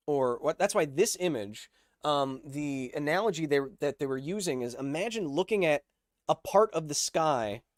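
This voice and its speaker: A man with a fairly high voice hosts a livestream, casually explaining science and joking as he reads and answers the chat. It's a dry recording with clean studio sound.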